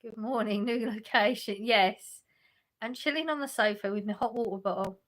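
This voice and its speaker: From her sofa at home, a woman livestreams casually, reading out viewers' messages and answering them with frequent laughs and restarts. Her voice is fairly high and a bit bright, at a moderate pace.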